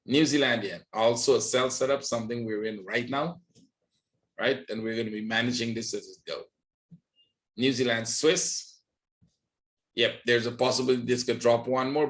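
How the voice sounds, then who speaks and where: Here a man's mid-range, slightly bright voice leads a trading webinar. He goes over charts on screen while regularly checking with his audience through a repeated "right?"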